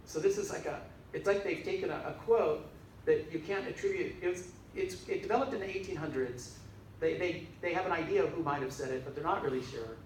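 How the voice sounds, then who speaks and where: A man's voice: on the high side, brisk. An older man, a minister giving a casual, rambling dharma talk with frequent chuckles. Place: church hall. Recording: echoey hall, mic far off, faint hiss.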